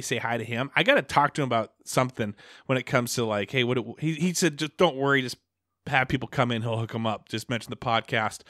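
Man, young adult, podcast host, slightly out of breath, rambling, bright tone, dry close sound. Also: medium pitch, dry recording. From Pacific Northwest. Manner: rambling, loose, with many fillers and restarts. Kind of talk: casual podcast chat.

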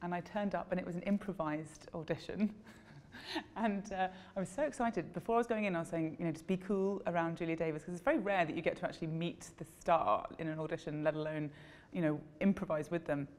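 A woman, an actor, telling a self-deprecating story about an audition in a casual, animated way, laughing at herself. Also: on the low side, fast talker, in a large hall. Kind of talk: casual anecdote to camera.

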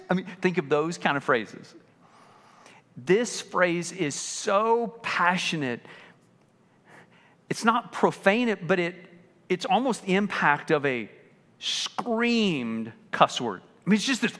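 Male pastor, high lively voice, bright tone, unhurried sermon, long church reverb. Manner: animated preaching, acting out quoted voices. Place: church sanctuary.

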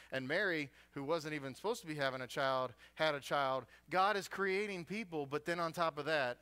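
A man's voice: medium pitch, bright, forceful tone. A man preaching a sermon as a guest preacher in a church, retelling a story with humor and animation.

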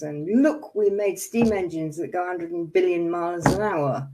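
A woman's voice: fairly low pitch, normal speed, few pauses, warm tone. A woman in her seventies hosting a livestream, talking to viewers in an angry, emphatic way and apologizing for her outbursts. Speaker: livestream host. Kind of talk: impassioned casual talk to viewers.

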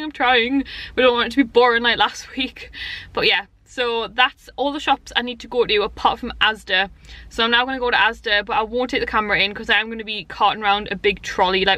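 Chatty woman vlogging, bright voice. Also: medium pitch. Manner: chatty, rambling, lively storytelling. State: tired and out of breath. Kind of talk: casual vlog chat to camera. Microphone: handheld camera.

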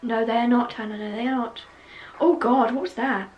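A woman's voice: on the high side, fairly even intonation, normal speed, lo-fi sound, soft background music. Giggly self-mocking woman. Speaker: vlogger. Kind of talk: reaction video commentary.

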